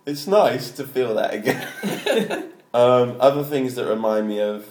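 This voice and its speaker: Man from England, joking and teasing, middle pitch, echoey room. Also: very animated, a little slow, darkish tone, a little hiss or hum. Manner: jokey, laughs often, teasing. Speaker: podcast co-host. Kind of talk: casual chat. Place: room in a shared home.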